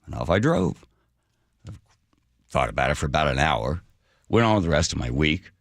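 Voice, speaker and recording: A man's voice: extremely low pitch, very animated, normal speed, gravelly, no room sound, studio quality. A middle-aged man, a radio host, telling a story with vivid drama.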